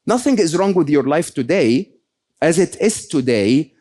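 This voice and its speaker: A man giving a motivational stage talk to a live audience, animated and often checking in with "okay?" and "right?". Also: fairly high pitch, unhurried. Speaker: guest speaker.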